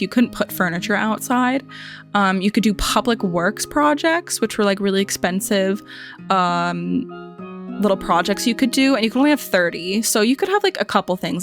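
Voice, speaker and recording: A woman giving a casual, chatty tour of a game island, full of "like" and "um", joking playfully at the characters. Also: mid-range voice. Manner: chatty, lots of "like" and "um" fillers. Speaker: gaming video host. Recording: faint music underneath.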